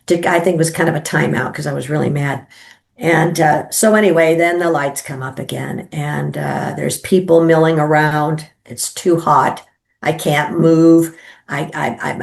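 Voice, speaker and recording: A middle-aged woman recounting her near-death experience as an interview guest, halting and full of restarts, acting out her own thoughts. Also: fairly low pitch, vocal fry, a little mellow. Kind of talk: personal storytelling.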